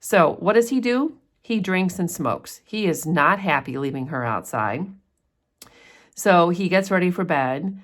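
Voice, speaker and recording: A woman's voice: lowish voice, expressive, a little slow. A woman walking through a novel's chapters like a teacher, chatting and explaining with frequent ums. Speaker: literature teacher. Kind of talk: casual chapter summary lesson.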